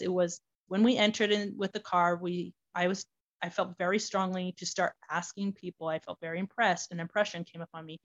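A woman's voice: fairly low pitch, brisk. Woman telling a personal story, lo-fi sound. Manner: animated, many fillers such as "like". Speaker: adoptee guest sharing her story.

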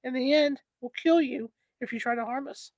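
Woman doing a cold alien, measured and quiet, menacing, dry close sound. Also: high voice, steady tone, no room sound, natural voice. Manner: measured, reserved.

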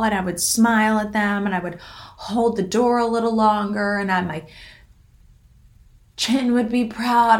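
Chatty, upbeat young woman podcast host. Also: mid-range voice. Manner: chatty, upbeat and encouraging, with frequent "like" and casual swearing. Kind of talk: casual motivational solo talk.

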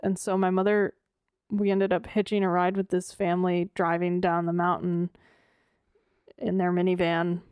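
A woman's voice: on the low side, little pitch movement, normal speed, darkish tone, clear, resonant tone, dry recording, clean studio sound. A woman co-hosting a casual true-crime podcast, telling stories with fillers and restarts. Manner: storytelling with fillers and restarts, laughing easily. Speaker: podcast co-host.

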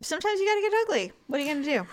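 A woman's voice: sits high, very animated, very fast, a little hiss or hum. A woman co-hosting a podcast in casual chat, reacting with playful, jokey interjections. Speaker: podcast co-host.

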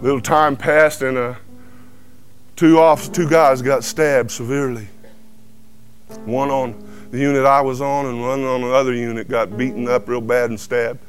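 A man's voice: medium pitch, normal speed, faint music behind. A man giving a folksy personal testimony, acting out the voices of people in his story. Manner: animated storyteller who acts out quoted dialogue. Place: truck cab.

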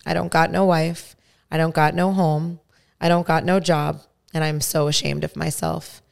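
A big drunk laborer speaks in a rough, coarse way, as a woman reads his lines. The voice is low and gravelly. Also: level tone, moderate pace. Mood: despairing. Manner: bellowing, rough speech. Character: big drunk male laborer, belligerent then broken.

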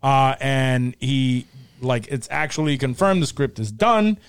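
A man in relaxed podcast chat, wandering and profane, leaning on fillers as he sums things up. His voice sits at an average pitch. The sound is dry and close, with no room echo. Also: a little slow, clear, resonant tone. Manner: loose, profane, rambling with many fillers. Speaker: podcast co-host leading the topics. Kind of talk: casual chat.

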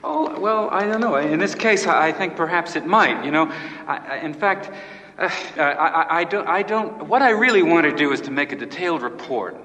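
An actor playing an earnest American labor writer who stammers and repeats words hesitantly in a film scene. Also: male voice, a little high, animated, moderate pace, bright, forceful tone. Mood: eager. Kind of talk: film dialogue. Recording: film sound with long reverb and faint hiss.

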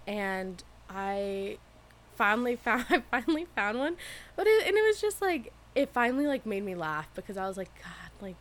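Woman on a podcast, casual chat, talks openly and laughs a lot, medium pitch. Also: big pitch swings, moderate pace. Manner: candid storytelling, laughs often. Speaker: podcast co-host.

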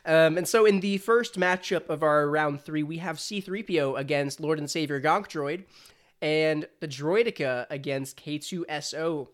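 A host of a casual panel show, talking quickly and often laughing as he rules on each round. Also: mid-range voice. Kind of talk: casual chat.

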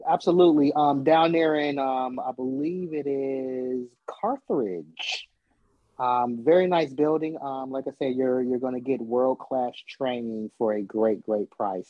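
A man's voice: mid-range voice, no room sound. A man in a casual chat, emphatic and repeating his lines for effect. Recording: dull lo-fi dry audio.

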